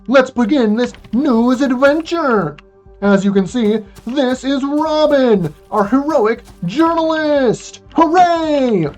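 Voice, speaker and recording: A speedrunner doing an old-timey news anchor voice, with a slow, grand, theatrical announcer delivery while commentating a game run. The anchor hosts the run like a newscast. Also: medium pitch.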